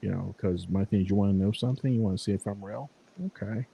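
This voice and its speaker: Man, paranormal investigator, very deep voice, husky, relaxed rambling chat. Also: quick pace, low-quality recording. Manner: relaxed, rambling, casual swearing. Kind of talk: casual chat.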